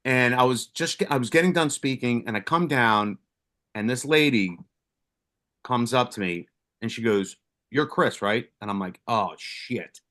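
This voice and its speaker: Middle-aged man, blunt and profane, mid-pitched, casual storyteller with lots of restarts. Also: normal speed, a bit bright. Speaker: podcast co-host, retired first responder.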